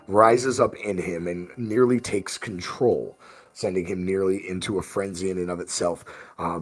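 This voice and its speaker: A man's voice: lowish voice, slightly rough. A man game master recapping the last session of a tabletop game, rambling with fillers and restarts.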